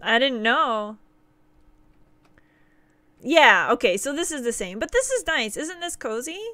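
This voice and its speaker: A woman's voice: high voice, very animated, unhurried, pushed and bright, dry recording. A woman live-streamer chatting casually with her viewers, talkative and often laughing as she talks. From outside the United States.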